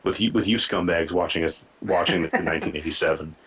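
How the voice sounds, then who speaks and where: A man's voice: sits low, steady tone, fast talker, a bit bright, breathy edge, poor audio. A man co-hosting a TV review podcast who rambles, repeating words and filling with "you know" as he thinks aloud. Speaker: podcast co-host. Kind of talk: casual review chat.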